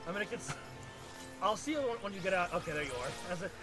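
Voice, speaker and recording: Halting, rambling man gamer. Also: high voice, very animated, over music. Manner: rambling, halting, with many restarts and swearing. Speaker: co-player. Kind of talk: casual gaming chat.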